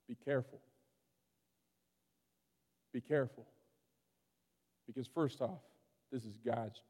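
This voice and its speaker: A man preaching a sermon as pastor, animated, swinging between loud exclamations and hushed asides. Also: mid-range voice. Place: church sanctuary. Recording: long hall reverb.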